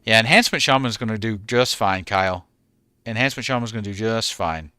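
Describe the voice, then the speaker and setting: Chatty streamer guy in his 40s, bright smooth voice, dry sound, reading chat names out. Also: fairly low pitch, animated, a little fast, no echo. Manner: chatty, answers chat by name. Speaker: game streamer. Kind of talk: casual chat with stream viewers.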